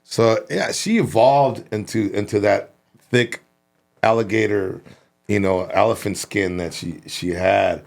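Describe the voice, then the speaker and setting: A man from Los Angeles hosting a podcast, telling animated, profane stories in casual chat. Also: lowish voice, a little slow, vocal fry. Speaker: podcast host.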